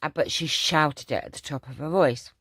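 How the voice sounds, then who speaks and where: A woman's voice: low voice, normal speed, fairly bright tone, husky, dry recording, clean studio sound. An older woman from London with a Cockney accent, casually chatting to her viewers and telling rambling stories full of ums and restarts. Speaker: channel host answering viewer questions. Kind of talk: casual chat.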